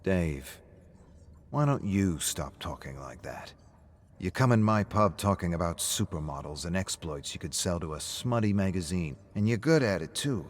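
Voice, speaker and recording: Man doing a blunt caring pub owner, low steady voice, pushy questions. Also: moderate pace, slight background noise.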